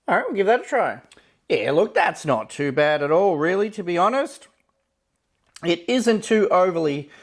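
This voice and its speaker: An easygoing man talks through a food taste test, his pitch rising and falling a lot as he goes. He speaks casually, thinking aloud between bites, and keeps dropping in small fillers and "yeah, look" as he judges each item. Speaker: food reviewer.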